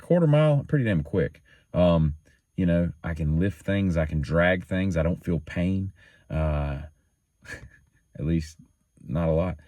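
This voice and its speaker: A man's voice: deep voice, darkish tone, dry recording. A man hosting his own daily show, telling rambling stories in a casual, joking, self-teasing way that wanders off topic.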